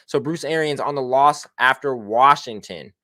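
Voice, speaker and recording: A man hosting a casual sports talk show, speaking at a middle pitch with a loose, slangy delivery full of "man" and "bruh". He is brash and excitable, and his voice is recorded dry and close. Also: normal speed, dry recording. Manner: slangy and profane, with frequent "man", "bruh" and "baby". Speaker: show host.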